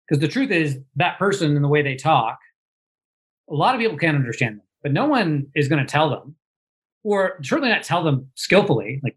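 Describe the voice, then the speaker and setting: A man who is a coach talking casually, animated and acting out example lines as he explains. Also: a little high, fast talker, husky. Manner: animated, acts out example lines in lively voices. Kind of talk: conversational talk about coaching.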